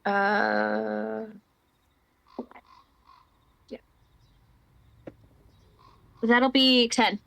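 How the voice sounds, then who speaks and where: A woman playing a tabletop game, speaking in halting bursts and repeating words. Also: a little high, fairly even intonation, vocal fry, fairly bright tone. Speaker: player. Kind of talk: tabletop role-play.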